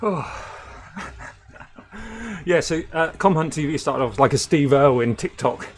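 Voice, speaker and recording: A man's voice: a little high, a little slow. A man chatting with viewers while racing on an indoor trainer, laughing often and short of breath from riding. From United Kingdom. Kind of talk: casual chat while racing.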